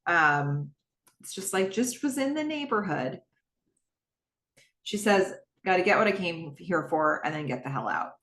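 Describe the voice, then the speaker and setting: A woman's voice: on the low side, a bit bright. Chatty woman in an echoey room. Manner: chatty, exasperated asides, many fillers. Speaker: podcast host recapping a TV episode. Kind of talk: casual solo recap, reading out scenes.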